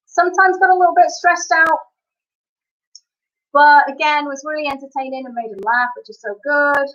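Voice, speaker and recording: A woman hosting a live stream, chatting to viewers in an upbeat way with quick asides. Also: high voice, steady tone, a bit bright. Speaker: live-stream singer and entertainer. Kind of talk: casual live-stream chat. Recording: dull lo-fi stream audio.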